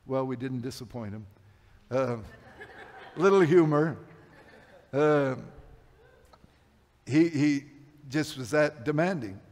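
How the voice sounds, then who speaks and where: Older man preaching in a reverberant church. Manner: storytelling, rising to loud bursts then dropping low. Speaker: pastor. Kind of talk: sermon. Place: church sanctuary. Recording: long hall reverb.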